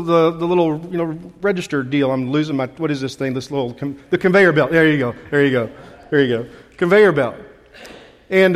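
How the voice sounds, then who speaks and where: A man preaching as a pastor, telling a chatty, self-deprecating story with frequent restarts before turning to the sermon. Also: sits high. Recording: long reverb of a large hall.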